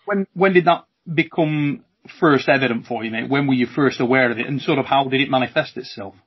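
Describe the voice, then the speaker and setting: Husky man asking questions. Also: medium pitch, a little fast. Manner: reflective, probing questions. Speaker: interview host. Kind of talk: conversational interviewing. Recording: dull lo-fi sound.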